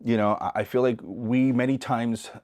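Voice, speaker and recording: In a relaxed, casual storytelling interview, this middle-aged East Los Angeles man speaks as a podcast guest in a mid-range voice at normal speed. He imitates the other people in his tale and often starts his words over.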